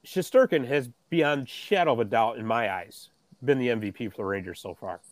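Man, agreeable, short affirmations, casual chat, medium pitch, dry sound. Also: brisk, no room sound. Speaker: sports podcast co-host.

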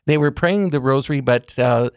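Man guest, mid-pitched, calm explainer, unhurried lists; dry booth sound. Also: dry recording. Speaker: guest speaker on religious topics. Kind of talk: calm explanatory interview talk.

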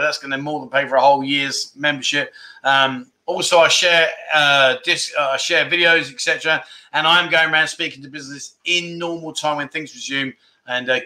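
Bright-voiced chatty man. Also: fairly high pitch. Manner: chatty, effusive, keeps thanking viewers. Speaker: livestream host. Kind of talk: casual livestream chat.

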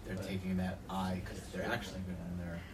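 A man's voice: low voice, completely flat delivery, brisk. A man who is a student in class, speaking up in the discussion, hesitant at first. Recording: distant voice in echoey room, noisy.

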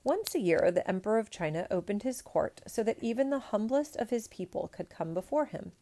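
A woman reading a picture book aloud in a measured, expressive storytelling manner. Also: medium pitch.

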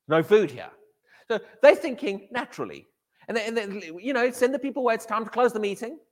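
A man preaching a sermon in an animated way, often repeating his words and acting out quotes. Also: sits high. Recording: echoey hall reverb.

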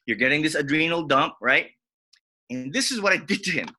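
A man in casual conversation, telling animated stories and acting out what others said. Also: fairly quick. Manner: animated, acts out quotes with big pitch jumps. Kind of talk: casual storytelling chat.

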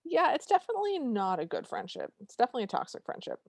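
A woman's voice: fairly high pitch, very animated, rapid-fire, creaky, slightly rough, no room sound. A woman co-hosting a podcast, recapping a movie in casual chat with dry, wry humor. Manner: dry, wry storytelling with quoted lines. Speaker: podcast co-host.

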